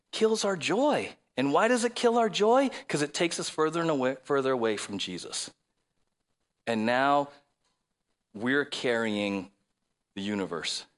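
A man preaching from the pulpit with a slightly high, very lively voice that rises and falls. He asks the congregation question after question and reads scripture passages aloud. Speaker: pastor. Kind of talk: sermon.

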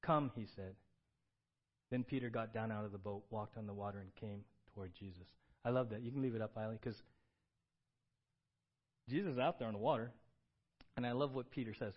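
A man preaching a sermon with animated swings between loud excited bursts and quiet earnest tones, reading scripture aloud. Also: mid-range voice, moderate pace, long pauses, lo-fi sound. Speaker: pastor.

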